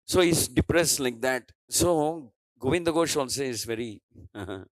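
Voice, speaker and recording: A man's voice: medium pitch, animated, unhurried, dry recording, low-quality recording. A man with an Indian English accent giving a devotional scripture class, telling a story and voicing its dialogue with many restarts and fillers.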